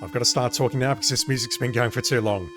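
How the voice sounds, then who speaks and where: A man's voice: medium pitch, quick pace, music in the background. A man giving casual, wry, chatty commentary while playing through a retro game. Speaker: let's-play host.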